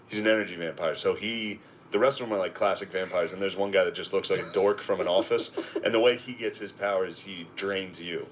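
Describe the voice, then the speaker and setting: Low-voiced teasing man in casual chat. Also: a little hiss or hum. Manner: joking, teasing interjections.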